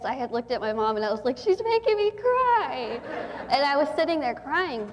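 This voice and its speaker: A young woman in her twenties from Texas speaks to a gathering as a guest speaker. She talks in a chatty, heartfelt way, and her voice sits a little high. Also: slight background noise. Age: 20s. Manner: chatty, warm and emotional, with frequent laughs. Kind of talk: inspirational talk to an audience.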